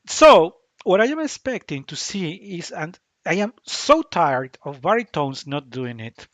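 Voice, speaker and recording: Man, opera vlog host, casual commentary, passionate explainer, bright tone, dry close sound. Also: fairly high pitch, very animated, measured pace, no room sound. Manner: passionate, explanatory, with frequent restarts. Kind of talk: casual commentary while watching a performance.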